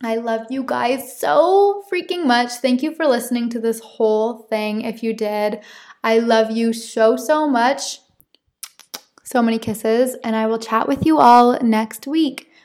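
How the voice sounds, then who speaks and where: A woman's voice: a little high, a little slow, hardly any pauses, a little mellow. A young woman hosting her own podcast, talking openly and chattily with frequent laughs. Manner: open, chatty, laughs often. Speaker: podcast host. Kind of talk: casual solo podcast monologue.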